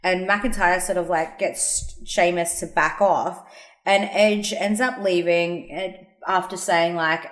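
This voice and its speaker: A woman co-hosting a casual podcast over a call, retelling events with animated quoted voices and frequent laughs. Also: lowish voice, slow pace, echoey room. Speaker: podcast co-host. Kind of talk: casual chat recapping wrestling. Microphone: remote call mic.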